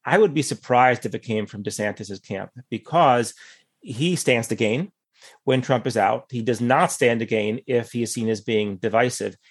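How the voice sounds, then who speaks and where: Male guest commentator, mid-pitched, thinks aloud and hedges with "you know" asides. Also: slightly rough. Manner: thoughtful, measured, hedging with asides. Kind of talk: conversational political analysis.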